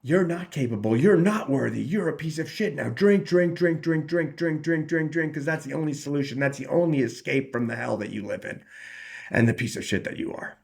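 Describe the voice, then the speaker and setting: A man's voice: fairly high pitch, brisk, gravelly. A man doing a harsh, berating inner voice. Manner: berating, insistent, repetitive. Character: contemptuous inner voice of addiction, male, harsh.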